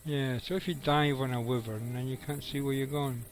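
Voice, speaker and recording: Middle-aged guy streaming a game, rambling, chatting to chat, medium pitch, swears a bit. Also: fairly even intonation, moderate pace, poor audio. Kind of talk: casual live gameplay commentary.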